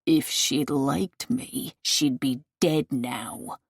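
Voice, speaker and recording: A woman voicing a broken, bitter male killer under interrogation, with a flat, weary, contemptuous delivery. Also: sits low, extremely slow, gravelly, breathy edge, no room sound, studio quality, full character voice. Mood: cold.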